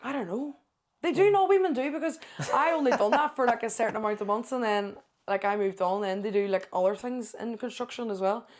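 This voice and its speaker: A young woman with a Northern Irish accent, a podcast guest telling animated stories in casual chat, full of "aye" and "like.". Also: medium pitch, brisk. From Northern Ireland. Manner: animated storyteller, swears to God, says aye and like a lot. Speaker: podcast guest, content creator.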